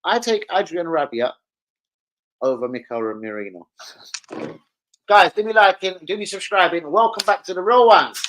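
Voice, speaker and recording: A young man hosting a casual football live stream, excitable, swearing and calling out viewers by name. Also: on the high side, measured pace, slight background noise. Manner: excitable, swears, calls out chat names.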